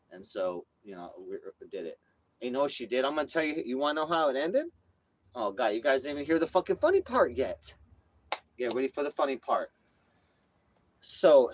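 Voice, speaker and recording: A man vlogging, telling a rambling story full of cursing and lively retelling. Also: mid-range voice, fairly quick, rough recording. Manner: rambling, profane, animated retelling. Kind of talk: casual storytelling.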